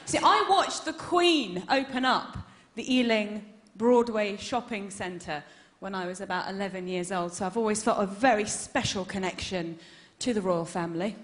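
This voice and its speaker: A woman's voice: mid-range voice, normal speed. Woman doing stand-up in a roomy venue. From England. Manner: animated storytelling, loud bursts for punchlines. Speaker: stand-up comedian. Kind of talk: stand-up comedy set. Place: comedy venue stage. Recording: roomy live venue sound.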